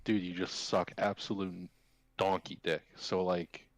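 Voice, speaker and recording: A man's voice: low voice, flat delivery, unhurried, no room sound. A man on a sports betting podcast, talking bluntly and crudely in a dismissive tone. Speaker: podcast co-host. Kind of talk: casual sports chat.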